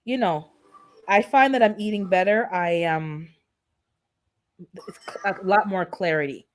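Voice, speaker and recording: A woman's voice: medium pitch, a little slow. Blunt, sarcastic woman rambling on a stream. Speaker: gardening channel host. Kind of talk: casual live-stream chat.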